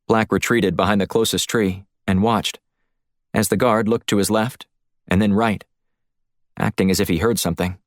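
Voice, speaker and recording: A man reading a thriller audiobook in a steady, even storytelling voice, recorded close on a studio mic. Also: lowish voice, moderate pace, no room sound. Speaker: audiobook narrator. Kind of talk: scripted narration.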